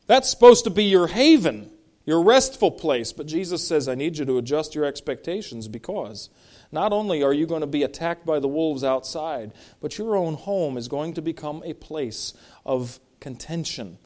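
A man's voice: fairly high pitch, animated, normal speed, darkish tone. A middle-aged male pastor preaching a sermon, reading Bible verses aloud and explaining them, with emphatic stresses.

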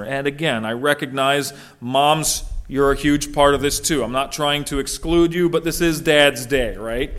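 A man's voice: mid-range voice, fairly bright tone. A middle-aged man preaching a sermon as a pastor, speaking earnestly and asking the congregation rhetorical questions.

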